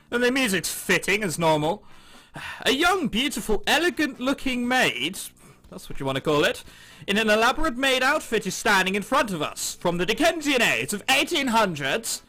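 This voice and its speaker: A man's voice: high voice, sing-song, normal speed, bright, forceful tone, soft background music. A man, commenting sarcastically as he plays through and reads out a visual novel. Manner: sarcastic, exclaiming. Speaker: let's-play commentator. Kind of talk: playing and reading a visual novel aloud.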